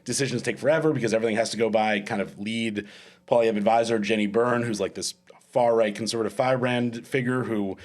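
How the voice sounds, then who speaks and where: A man's voice: lowish voice, fairly even intonation, fast. A man hosting a comedic panel podcast, rambling and self-mocking, often laughing as he talks. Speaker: podcast host. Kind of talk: casual comedic panel chat.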